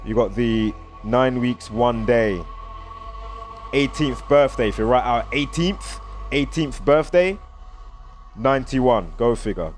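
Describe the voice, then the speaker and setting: A man's voice: medium pitch, takes it slowly, faint music behind. Rambling British man reeling off numbers. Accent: British English. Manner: rambling, reels off strings of numbers. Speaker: vlogger. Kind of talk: casual numerology commentary.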